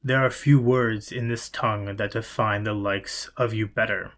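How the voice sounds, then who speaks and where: A man's voice: on the low side, fairly even intonation, bright, forceful tone, full character voice. A man doing a cold, cawing pale stranger. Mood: menacing. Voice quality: harsh, crow-like caw. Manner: curt, stiff, deliberate, each word stressed.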